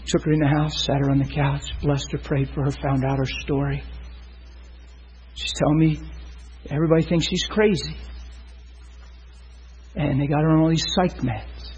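A male preacher tells a story from the pulpit, emphatic and animated, often turning to question his listeners. His voice sits fairly high and sounds husky and breathy. The recording is dull and lo-fi. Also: normal speed, long pauses. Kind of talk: sermon storytelling.

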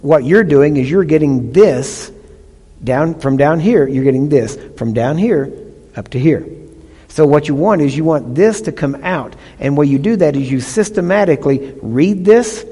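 A man's voice: on the high side, animated, moderate pace, dark tone, husky, long reverb tail. A male pastor preaching a sermon, teaching emphatically and often checking in with the congregation.

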